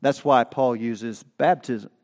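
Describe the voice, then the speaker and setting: A man preaching a sermon at a church, moving from quiet teaching to loud emphatic peaks, with chatty asides. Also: medium pitch, takes it slowly. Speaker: pastor. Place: church sanctuary. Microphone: stand microphone.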